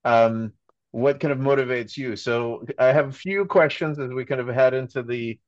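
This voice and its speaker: A man's voice: medium pitch, normal speed, no room sound. A man hosting a podcast, asking his guest questions with lots of restarts and fillers. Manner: hesitant, filler-heavy questioning. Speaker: podcast host. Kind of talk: interview questions. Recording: dull, dry lo-fi audio.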